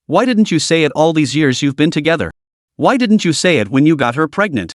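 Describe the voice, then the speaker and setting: A man voicing a hot-tempered young man from a storybook, blunt and demanding. His pitch sits a little high and swings widely, and the sound is close and dry. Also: sing-song, a little fast, dry recording. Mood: angry.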